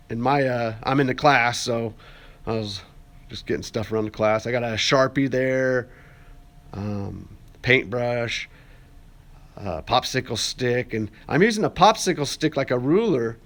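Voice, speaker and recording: A young man narrates a clay project in an easygoing, chatty way. His voice sits at an ordinary middle pitch, with plenty of "um"s and joking asides. He sounds like a student recording a casual class tutorial. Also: unhurried. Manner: relaxed, chatty, jokey asides, many fillers. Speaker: art student. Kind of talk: casual how-to voice-over.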